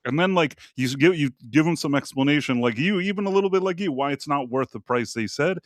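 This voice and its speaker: A man's voice: a little high, expressive, fast, no room sound, clean studio sound. A man in casual podcast chat, telling a rambling story with many restarts. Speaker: co-host.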